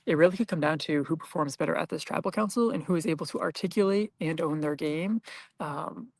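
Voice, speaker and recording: Gravelly man chatting about a game. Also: fairly high pitch, fairly quick, no echo. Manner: thoughtful, many fillers like "you know" and "kind of". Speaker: co-host of the broadcast. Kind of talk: casual commentary chat.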